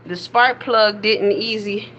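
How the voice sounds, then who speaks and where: A woman's voice: mid-range voice, steady tone, slow, fairly bright tone, dull audio, a little hiss or hum. A middle-aged woman with a Southern American accent talks to her live chat in a sassy, playful way. She ribs her viewers and answers their comments as she goes. Her voice comes through a phone she holds in her hand. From northern United States. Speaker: live-stream comedy host. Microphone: phone held in hand.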